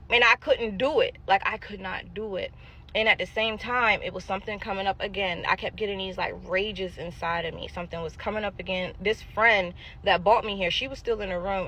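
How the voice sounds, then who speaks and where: Woman, storytime monologue, mid-range voice, lively and emphatic, faint hum underneath. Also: mid-range voice, poor audio. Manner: animated and emphatic, acting out quotes, addressing listeners as y'all. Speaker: storyteller sharing a personal testimony.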